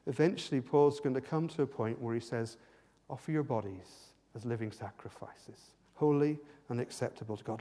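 A man preaching a sermon and leading prayer, impassioned, swinging from hushed tones to fervent outbursts. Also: medium pitch, normal speed. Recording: long hall reverb.

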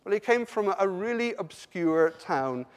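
A man from Somerset preaching a sermon, animated and emphatic, often stumbling and restarting his words. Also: sits high, moderate pace. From Somerset, England. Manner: animated, rising to emphatic peaks, frequent stammered restarts. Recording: long hall reverb.

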